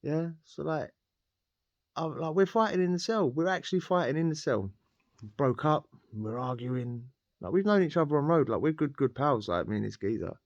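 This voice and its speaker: Bloke, rambling anecdote with frequent laughs, dry, muffled lo-fi sound. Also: male voice, on the high side, expressive, moderate pace, no room sound. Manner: rambling, laughs often, slangy. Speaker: podcast guest telling a prison story. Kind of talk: casual storytelling.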